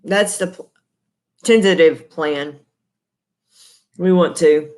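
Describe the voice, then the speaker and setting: A woman's voice: deep voice, slow pace, a little mellow. A middle-aged Texan woman hosting a casual live stream from her kitchen table. She talks in a chatty, folksy, rambling way with lots of fillers, picked up by her laptop's microphone. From Texas. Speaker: livestream host. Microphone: laptop built-in mic.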